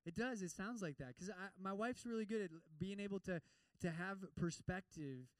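A man preaching a sermon in an animated way, repeating words as he goes and acting out prayers. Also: sits high, moderate pace, no echo, recorded from a distance, low-quality recording. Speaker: pastor.

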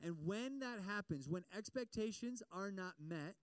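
A young man delivers a sermon in a loose, talkative way, full of fillers and questions to the crowd. His voice sits high and rings smooth and clear. The sound is dry and close, with almost no room. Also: moderate pace, dry recording. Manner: chatty and animated, many fillers, asks the audience questions. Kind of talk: sermon with personal story.

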